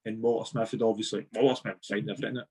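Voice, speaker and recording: Speaking rapid-fire in a lowish, husky and slightly mellow voice, this Scottish ex-footballer keeps a steady tone as a podcast guest. His chat is casual storytelling, peppered with free swearing and laughter throughout.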